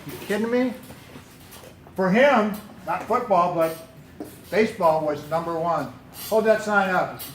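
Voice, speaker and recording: A man with a high, light voice speaks as a pastor, quizzing his young listeners and repeating their answers back to them. He sounds like he is in a big echoey room. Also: a little slow, fairly bright tone, slight background noise. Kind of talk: talk to a youth football team.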